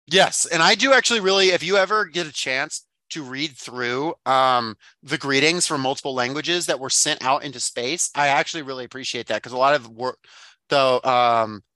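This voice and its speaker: A man co-hosting a casual book podcast, talking through his ideas in a rambling, thoughtful way with plenty of fillers and restarts. His voice is bright and forward. The sound is dry and close to the mic. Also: mid-range voice, moderate pace, dry recording. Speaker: podcast co-host.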